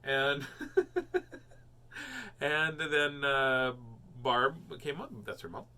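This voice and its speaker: Bright-voiced joking man host. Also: a little high, very animated, drawn-out words. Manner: rambling, jokey, many fillers. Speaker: host reading children's books. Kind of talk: casual chat.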